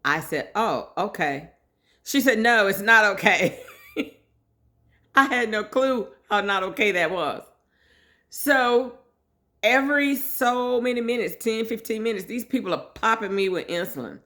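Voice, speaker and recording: A middle-aged woman tells a personal story in a relaxed, chatty way. She is lively and animated and keeps slipping into the voices of the people she quotes. She laughs easily as she talks. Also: on the high side, unhurried, long pauses. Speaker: vlogger sharing her story. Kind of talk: casual storytelling.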